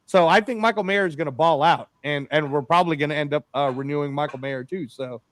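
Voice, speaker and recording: High-voiced, rambling podcast host man. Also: quick pace. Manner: animated, rambling, says "bro" and "man" a lot. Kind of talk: casual sports podcast chat.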